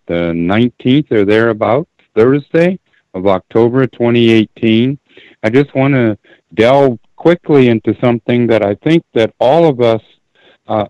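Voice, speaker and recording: Man, radio caller, slow, emphatic, repeats himself, mellow dark tone, dull lo-fi sound. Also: medium pitch, no room sound. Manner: deliberate, emphatic, repeats key phrases. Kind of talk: call-in radio commentary. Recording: dull lo-fi call audio.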